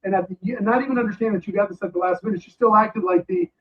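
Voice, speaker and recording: A man's voice: high voice, very fast, a little hiss or hum. A man being interviewed, ranting heatedly with many restarts and fillers. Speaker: guest. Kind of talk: casual interview chat. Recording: tinny phone-line call.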